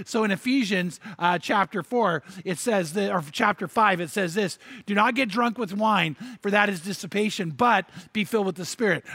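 A man's voice: sits high, pushed and bright, no echo. An older man, a pastor, preaching a sermon with energy, repeating words and building emphasis.

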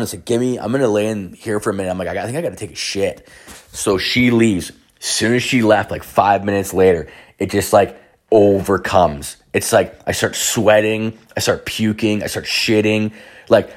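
A young man telling a rambling, profane personal story in casual chat. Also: deep voice. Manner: profane, rambling, many restarts and fillers.

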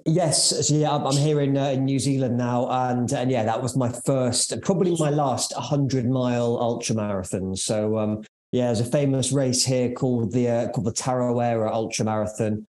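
A man's voice: medium pitch, steady tone, normal speed, darkish tone, reverberant, rough recording. A man in his forties with an English accent, a podcast guest chatting casually in an upbeat, joking way with lots of fillers. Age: 40s.

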